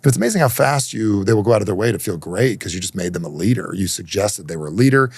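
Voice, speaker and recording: Man, podcast guest, very low voice, rough and breathy, emphatic, rapid-fire. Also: no echo. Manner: animated, acts out dialogue in raised voices; emphatic, persuasive. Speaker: human behavior coach.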